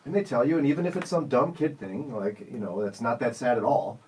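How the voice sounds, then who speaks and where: A man's voice: medium pitch, fairly quick, darkish tone, slight background noise. A man hosting a radio show, talking in an easygoing, teasing and reflective way in casual chat. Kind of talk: casual live-stream chat.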